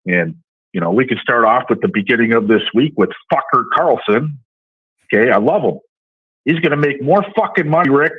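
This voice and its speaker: A man's voice: medium pitch, lively intonation, normal speed, husky. A male caller with a Southern US accent, ranting brashly and cursing constantly. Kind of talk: profane call-in rant. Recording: tinny phone line.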